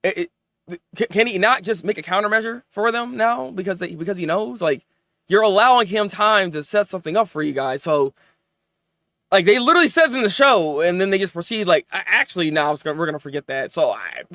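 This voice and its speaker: A man reviewing anime episodes in casual, animated chat, venting and rambling as he goes. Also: high-pitched, no room sound, clean studio sound. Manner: animated, rambling, quick to vent.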